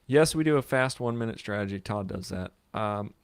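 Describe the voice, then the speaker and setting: A man's voice: fairly low pitch, expressive, fairly quick, gravelly, clean tone, no echo, clean studio sound. Rambling casual male podcast host. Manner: rambling, restarts a lot. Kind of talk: casual chat.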